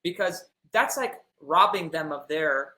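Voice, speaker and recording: A man's voice: on the high side, measured pace, sharp tone, reverberant, rough recording. A man in a casual faith podcast conversation, thinking aloud and searching for the right words.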